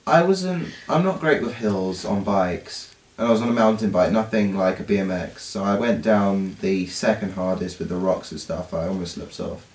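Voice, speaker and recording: A man's voice: low-pitched, normal speed, hardly any pauses, darkish tone. A young man co-hosting a casual podcast, telling stories with lots of hesitant fillers. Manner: hesitant storyteller, many fillers. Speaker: podcast co-host. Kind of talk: casual chat. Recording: roomy, distant mic.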